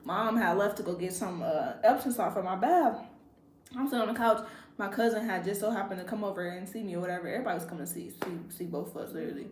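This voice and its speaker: A young woman vlogger telling a story in casual chat, animated and laughing, talking straight to her viewers. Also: medium pitch, fast. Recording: echoey room with faint background noise.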